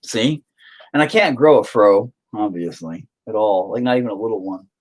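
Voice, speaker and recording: A man's voice: on the low side, normal speed, darkish tone. A man chatting casually while he paints, rambling and joking with frequent swearing. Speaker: painting streamer.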